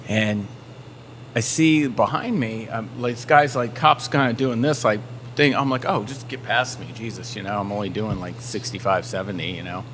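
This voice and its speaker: A man telling a story in a casual chat, acting out shouted quotes as he goes. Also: on the low side, moderate pace. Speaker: band member. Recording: faint background noise.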